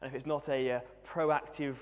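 A man's voice: medium pitch, level tone, normal speed. A young man in his twenties preaching a sermon, humorous and self-deprecating as he tells stories. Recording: long hall reverb.

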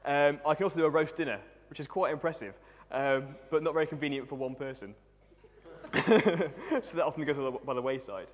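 A man's voice: a little high, animated, a little fast. A young man in his twenties preaching a sermon, humorous and self-deprecating as he tells stories. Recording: long hall reverb.

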